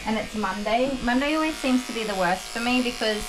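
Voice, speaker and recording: A woman's voice: on the high side, a little fast. An Australian woman, a dog groomer, chatting on a live stream and gushing over dogs in baby talk. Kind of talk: casual live-stream chat. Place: small grooming shed with dogs. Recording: noisy room with clippers and dogs.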